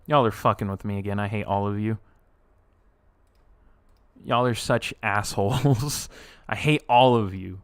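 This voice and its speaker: A young man live streaming, reacting and reading chat aloud in an excitable way, laughing often and swearing casually. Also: on the low side, a little slow, long pauses, smooth, dry recording.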